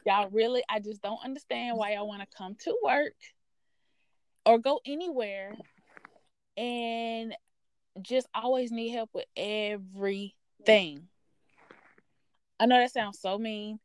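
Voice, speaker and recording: A woman hosting a podcast, telling a workplace story in a blunt, profane, sassy and animated way. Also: on the high side, slow, pauses often, clean tone, no room sound. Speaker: podcast host. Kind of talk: casual storytelling rant.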